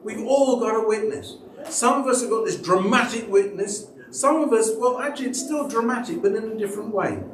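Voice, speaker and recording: A man's voice: fairly quick, few pauses. Male church elder, storytelling sermon, roomy hall sound, faint background hiss. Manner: storytelling, acts out quoted people with big pitch jumps. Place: church sanctuary. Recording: echoey church hall, mic at a distance.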